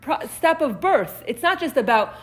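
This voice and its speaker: A middle-aged woman leading a Torah discussion class, talking casually and halting with many restarts. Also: sits high, big pitch swings.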